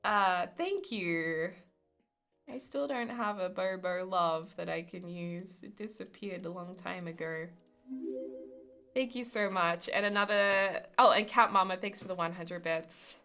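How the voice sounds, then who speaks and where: A young woman live-streaming a game, chatting casually and thanking viewers with excited outbursts. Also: on the low side, unhurried, soft background music.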